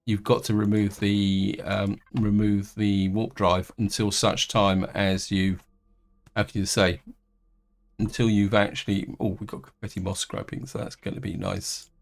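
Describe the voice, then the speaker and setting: Man, lowish voice, casual let's-play host, talks in loose rambling asides. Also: creaky. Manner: rambling, many restarts and fillers. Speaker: gaming video host.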